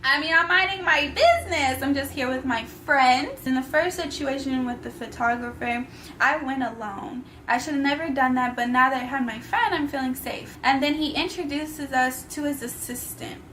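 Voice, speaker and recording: A woman's voice: sits high, normal speed, sharp tone, slight background noise. A young woman vlogger telling a personal story casually, using slang and talking straight to her viewers.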